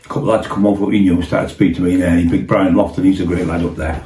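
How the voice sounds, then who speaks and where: A man with a low, dark voice races through a rambling story, swearing freely. He sounds like he is in a roomy space with a faint hiss behind him. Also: steady tone, fast. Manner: rambling, heavy swearing, acts out quotes. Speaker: storyteller host. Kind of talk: casual anecdotal storytelling. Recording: roomy echo.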